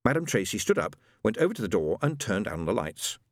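A man's voice: fairly low pitch, very animated, a little fast, no room sound, clean studio sound. Man narrating with wry dryness. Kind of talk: audiobook narration.

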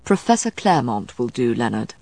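A woman voicing a composed, protective male scholar who speaks calmly and firmly, in clipped phrases, as an audiobook figure. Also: a little high, moderate pace, lightly acted. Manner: calm, firm, clipped.

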